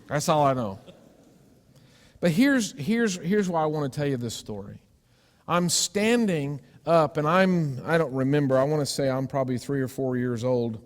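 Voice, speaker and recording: Male pastor, storytelling sermon, slightly high voice, long church echo. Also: expressive, moderate pace. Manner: storytelling with sudden loud screams and hushed asides. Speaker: preacher. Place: church sanctuary.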